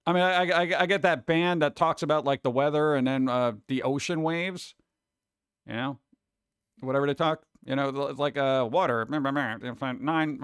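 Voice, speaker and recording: Male streamer, casual and animated, clear resonant tone, dry close mic. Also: mid-range voice, normal speed, no room sound. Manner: animated, chatty, slips into mock voices. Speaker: streamer host. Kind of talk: casual chat with viewers.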